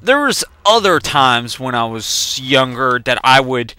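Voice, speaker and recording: A young man rambling through profane, animated personal anecdotes while playing a video game. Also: medium pitch, a little slow, clean tone, no room sound. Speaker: let's play gamer. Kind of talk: casual storytelling while gaming.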